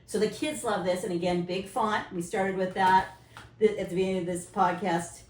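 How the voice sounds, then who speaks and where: A woman's voice: medium pitch, fairly even intonation, moderate pace, darkish tone, far from the mic. An older woman, a retired teacher educator, co-hosting a casual podcast chat; she talks expressively and reads aloud in playful voices. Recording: roomy, off-mic with faint noise.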